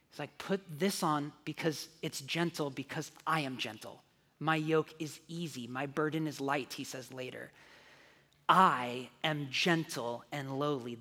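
A male pastor preaching a sermon in a conversational way, moving from hushed, soft passages to animated, louder ones. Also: a little high. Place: church sanctuary. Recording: long reverb of a large hall.

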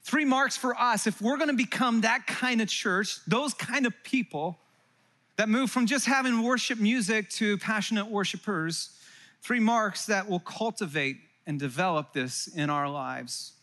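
A middle-aged man from California preaching to his congregation in a bright, high voice. He talks with animated energy and jokes, turning often to his listeners with quick asides. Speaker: pastor. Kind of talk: sermon. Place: church hall before a live congregation.

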